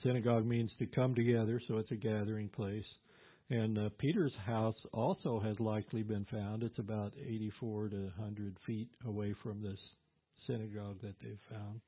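A man in the role of pastor, teaching through a Bible passage in a relaxed, conversational way with fillers and asides. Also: lowish voice, moderate pace, husky. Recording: tinny phone-like audio.

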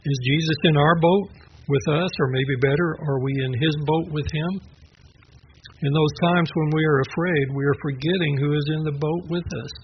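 A man with a gravelly, creaky voice gives a conversational sermon, moving from a personal memory into reflection on scripture. He talks at an easy pace, with small restarts and the odd soft laugh. The recording is dull and lo-fi, with a faint hiss behind him. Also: on the high side, steady tone, moderate pace. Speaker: preacher.

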